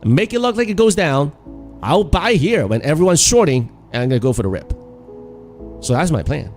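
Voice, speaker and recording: A man's voice: a little high, sing-song, normal speed, a little mellow, faint music behind. A man giving live trading commentary to his chat. He stutters a little and repeats words, chatty and laughing often. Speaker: day trading streamer.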